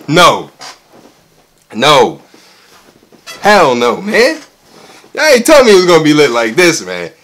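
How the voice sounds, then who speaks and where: A man's voice: fairly high pitch, huge pitch swings, takes it slowly, long pauses, a bit bright. A young man reacting to a song, hyped and exclamatory, repeating himself, with the track playing faintly under his voice. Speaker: music reaction YouTuber. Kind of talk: excited casual reaction.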